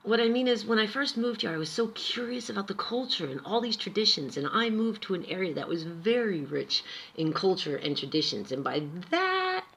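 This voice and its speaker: A woman's voice: mid-range voice, lively intonation, moderate pace, a bit bright. An American woman vlogging in a chatty, reflective way about her own experience. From United States. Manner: chatty, reflective, with some fillers. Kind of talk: casual talk to camera.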